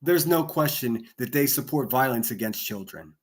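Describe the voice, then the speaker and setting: A man hosting a livestream, ranting angrily and profanely into a desk microphone, breaking into yelled bursts and sarcastic asides. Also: mid-range voice, lively intonation, moderate pace. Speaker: livestream host. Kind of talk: angry livestream rant.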